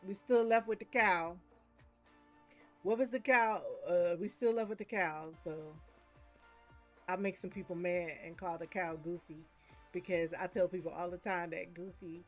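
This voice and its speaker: Chatty woman streamer with a lowish voice, joking storyteller over faint background music. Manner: talkative, joking, breaks into big laughs; animated storytelling. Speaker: gaming streamer. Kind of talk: casual chat while gaming.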